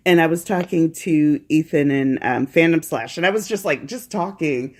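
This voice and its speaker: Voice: medium pitch, normal speed. A podcast host chatting casually from home while feeling unwell, rambling and laughing often.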